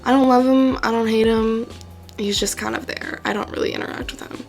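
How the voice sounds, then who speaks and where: A woman's voice: on the high side, fairly even intonation, a little fast, soft background music. A young woman ranking game characters in a casual, chatty way, full of fillers and swearing freely. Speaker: gaming YouTuber.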